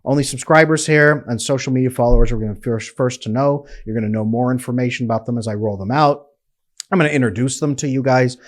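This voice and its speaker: A man speaking as a relationship coach in a direct, emphatic, persuasive monologue to his viewers. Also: mid-range voice.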